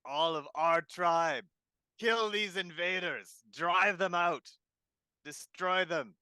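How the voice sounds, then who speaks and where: A brutish male goblin chieftain, voiced by a male player, barks short, crude orders in broken grammar. His tone is tense and bright, and his pitch jumps around. The sound is dry and close. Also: lively intonation, moderate pace, no echo. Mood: rallying. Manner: blunt, broken-grammar commands. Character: brutish male goblin boss, blunt and aggressive. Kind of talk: tabletop role-play voicing.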